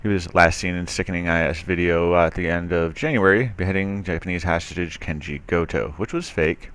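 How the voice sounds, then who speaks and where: A man's voice: sits low, fairly even intonation, a little fast, fairly bright tone, smooth. A man reading a news article aloud and commenting on it, skeptical and sarcastic, with loose talk full of fillers. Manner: loose, with frequent fillers and restarts. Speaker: commentary video host.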